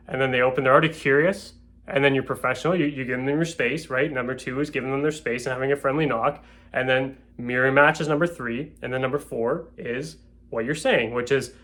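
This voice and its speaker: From home, a real estate salesman gives a casual spoken lesson on knocking doors, regularly checking in with listeners and acting out doorstep scripts. He speaks briskly at medium pitch, with fairly even intonation and a fairly bright tone.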